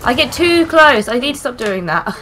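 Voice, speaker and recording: A woman's voice: high voice, big pitch swings, moderate pace, sharp tone, slight background noise. A young woman commenting on her game as she plays, swearing freely and reacting bluntly to the action. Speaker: gaming streamer. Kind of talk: gameplay commentary.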